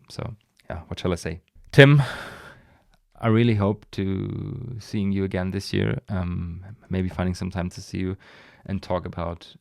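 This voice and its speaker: A man with a fairly low voice talks about what he tastes in an easy, enthusiastic podcast chat. He rambles, restarts his sentences and breaks off with sighs. The sound is dry and close, with no room echo. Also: creaky. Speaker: podcast host. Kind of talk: casual solo wine podcast.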